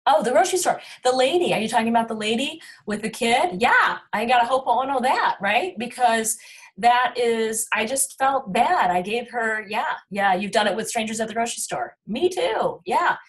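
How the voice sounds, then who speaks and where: A woman's voice: on the high side, expressive, normal speed. Reflective woman clinician giving a webinar. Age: middle-aged. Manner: warm, reflective, many "um"s and "you know"s. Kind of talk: webinar talk answering questions.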